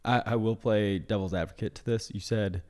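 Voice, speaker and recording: A young man co-hosts a casual comedy podcast in a fairly low voice. He is laid-back and hedges a lot, stacking "you know"s and restarting his thoughts. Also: fairly even intonation, fairly quick, a little mellow. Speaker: podcast co-host.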